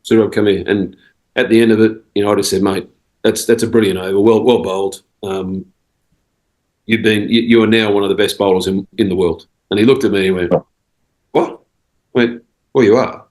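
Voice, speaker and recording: A man's voice: on the low side, fairly even intonation, brisk, darkish tone, rough recording. An Australian man, a cricket coach and podcast guest, telling stories in a rambling casual way with quoted dialogue. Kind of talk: casual storytelling interview.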